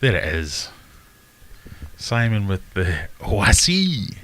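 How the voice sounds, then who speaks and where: This livestream host has a low-pitched voice and speaks at a normal speed. During casual live chat he wanders from topic to topic, makes fun of himself, and responds to viewers, recorded through a desk webcam setup.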